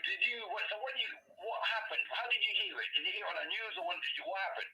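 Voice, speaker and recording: A man's voice: sits high, very fast, crowd noise, rough recording. A man from England talking animatedly and casually, swearing as he reminisces. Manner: animated, swearing, nostalgic storytelling. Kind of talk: casual chat.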